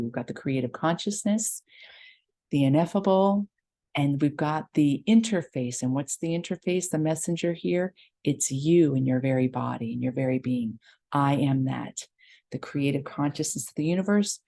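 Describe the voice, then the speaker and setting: A woman leading a guided meditation, explaining a mantra gently before chanting it slowly. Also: extremely low pitch. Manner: slow, gentle teaching with sustained chanting. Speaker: meditation leader.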